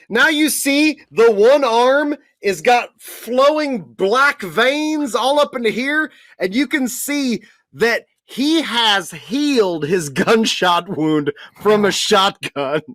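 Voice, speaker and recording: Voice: medium pitch, animated, slow, fairly bright tone, no echo, clean studio sound. A game master narrating a tabletop game, laughing often and telling it with crude, playful humor.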